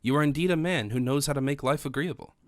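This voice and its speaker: A man reading the part of a courteous, sharp-eyed musketeer, speaking in a wry, courteous way. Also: fairly high pitch, fast talker, no room sound, studio quality, natural voice.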